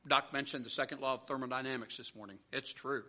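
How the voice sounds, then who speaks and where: A man's voice: medium pitch, fairly even intonation, quick pace, sharp tone. A man preaching a sermon as pastor, earnest and emphatic, mixing plain storytelling with repeated call-and-answer lines. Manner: conversational storytelling with restarts.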